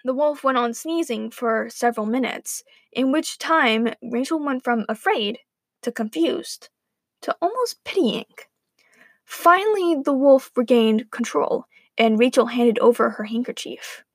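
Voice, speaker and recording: A woman's voice: fairly high pitch, measured pace, no echo. A woman narrating a playful, wry story aloud.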